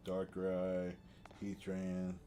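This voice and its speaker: A man's voice: low-pitched, completely flat delivery, extremely slow, mellow, a little hiss or hum. A tired man streaming a video game, chatting casually and correcting himself as he goes. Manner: rambling, self-correcting. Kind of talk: casual let's-play commentary.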